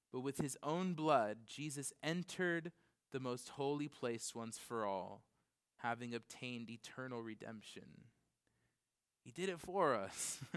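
A man in his thirties preaching a sermon in an animated way, jumping from loud, excited questions to quiet, low scripture reading and laughing often. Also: smooth.

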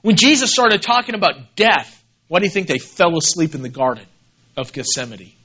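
A man preaching a sermon as pastor, animated, swinging between loud emphasis and quiet asides and repeating key words. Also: on the high side, brisk, slightly rough, lo-fi sound.

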